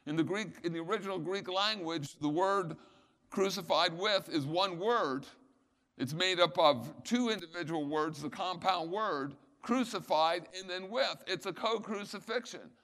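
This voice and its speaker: A man with a fairly high voice preaches with fervor, pressing his points home and throwing questions at his listeners. His words ring out with a long echo of a large hall. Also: unhurried. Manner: emphatic Bible teaching with rhetorical questions, rising to loud peaks. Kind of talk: sermon.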